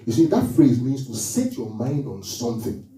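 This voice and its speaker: A man's voice: mid-range voice, sing-song, moderate pace, dark tone, distant mic. Man preaching in an echoey church. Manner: call-and-response preaching, repeating phrases, rhetorical questions. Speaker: pastor. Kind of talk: sermon.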